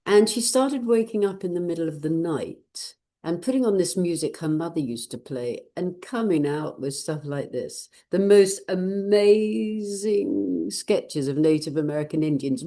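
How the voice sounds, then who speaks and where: Older woman host, low lively voice, mellow tone, chatty and rambling with frequent laughs. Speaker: channeler and vlog host. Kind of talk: casual personal chat to viewers.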